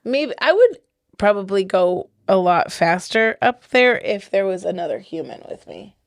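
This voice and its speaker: A woman's voice: mid-range voice, very animated, gravelly, no echo, studio quality. A woman chatting and teasing her partner as a podcast co-host, laughing often. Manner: giggly, teasing, quick to laugh. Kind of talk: casual couple chat.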